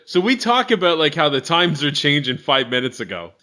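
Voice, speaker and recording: A podcast co-host in casual chat who swears a lot and jumps to loud exclamations. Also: medium pitch, sing-song, fairly quick.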